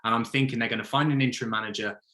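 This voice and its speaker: A man in a casual football chat, talking with blunt, animated conviction. He sits at a middling pitch and often slips into mock quotes of other people. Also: racing. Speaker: podcast co-host, football fan.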